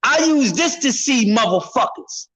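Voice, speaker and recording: Man streamer, very high bright voice, heated profane boxing rant, shouts a lot. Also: lively intonation, a little slow, husky, rough recording. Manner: loud, profane, repetitive, often shouting; speaks to a chat member by name.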